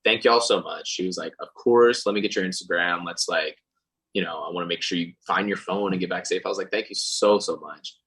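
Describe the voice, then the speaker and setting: A young man, a podcast guest and singer, tells a story in casual conversation, animatedly acting out other people's lines in their voices. His voice is low-pitched and breathy, his pace a little fast, and the recording is rough.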